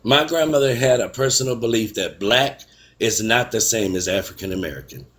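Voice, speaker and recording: A man in his forties telling a personal story in casual chat, animated and acting out what others said. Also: brisk. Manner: animated, acts out quotes with raised pitch.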